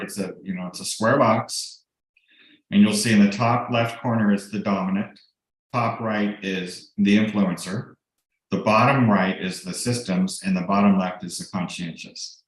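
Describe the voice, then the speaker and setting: A middle-aged man, a real estate broker and coach, giving a casual, explanatory team training with frequent ums and restarts over a video call. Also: fairly low pitch. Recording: very echoey room.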